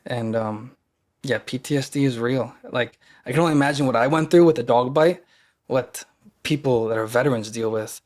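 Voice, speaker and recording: A man with a voice of middle pitch tells a personal story as a guest on a podcast. His delivery is casual and earnest. He often halts, backs up and restarts his sentences as he works through what he wants to say. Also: darkish tone. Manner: halting, many fillers and restarts, earnest.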